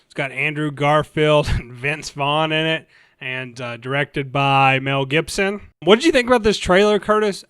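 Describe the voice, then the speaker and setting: A man's voice: a little high, normal speed, fairly bright tone, smooth, dry recording, studio quality. A man co-hosting a casual movie podcast, rambling with restarts and trailing off. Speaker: podcast co-host.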